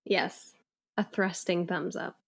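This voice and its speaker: Giggly woman with a gravelly edge. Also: fairly low pitch, level tone, takes it slowly. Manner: upbeat, giggly. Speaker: podcast co-host. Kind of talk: casual chat.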